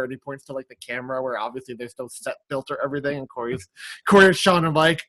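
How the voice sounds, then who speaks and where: A man co-hosting a podcast, telling animated anecdotes and giving blunt opinions in casual chat. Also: medium pitch, fast talker. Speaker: podcast co-host.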